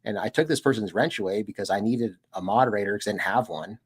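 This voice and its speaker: A man's voice: lowish voice, fast talker, slightly rough. A young American man hosting a casual livestream, rambling in a laid-back way and saying "dude" a lot. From United States. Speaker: streamer and channel host.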